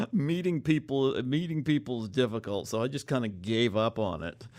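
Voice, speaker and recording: A man with a Canadian accent hosting a casual interview, talking in a halting, stop-start way with many fillers. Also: medium pitch, a little mellow. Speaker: podcast host.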